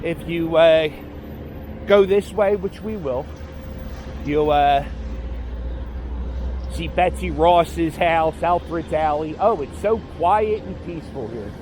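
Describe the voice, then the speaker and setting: A man's voice: a little high, slow, long pauses, a little mellow, soft background music. A man giving a casual walking-tour vlog outdoors on a city street, rambling and correcting himself as he goes. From Philadelphia area. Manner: rambling, self-correcting, offhand. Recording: faint street noise outdoors.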